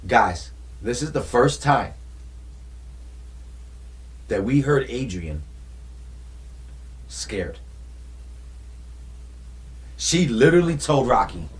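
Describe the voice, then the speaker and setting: A man retelling a movie in a casual, animated style, full of slang and rhetorical questions. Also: mid-range voice, slow pace, pauses often. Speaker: movie commentator. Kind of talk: casual storytelling commentary.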